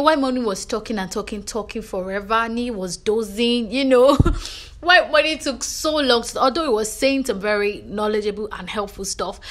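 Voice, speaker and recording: Chatty Nigerian woman spilling gossip. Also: medium pitch. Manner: animated storytelling, frequent "you know" and "do you understand". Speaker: reality show recap vlogger.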